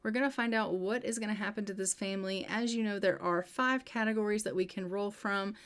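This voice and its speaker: A woman's voice: mid-range voice, fairly even intonation, fairly quick, fairly bright tone, clear, resonant tone. A woman casually narrating her life-sim gameplay as host, chatty and full of "you know" and "um".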